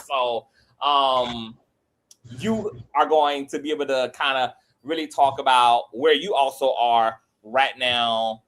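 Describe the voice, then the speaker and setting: A male host chatting with guests over a video call, his medium-pitched voice full of sass. His pitch jumps sharply upward in his livelier moments before settling back into easy, drawn-out talk. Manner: animated, sassy, pitch leaps up when excited. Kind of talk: casual panel chat.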